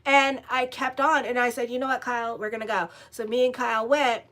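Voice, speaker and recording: Woman astrologer, casual storyteller, somewhat high voice, animated and foul-mouthed, rambling. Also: brisk. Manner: animated, blunt, swears freely, rambling with restarts. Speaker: astrologer and tarot reader.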